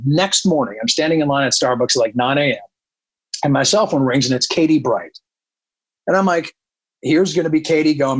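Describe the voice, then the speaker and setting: A man's voice: medium pitch, fairly quick, slightly rough, poor audio. A man who works as a country radio programmer, telling a long anecdote in casual talk and acting out the dialogue. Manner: animated, quotes people in dialogue.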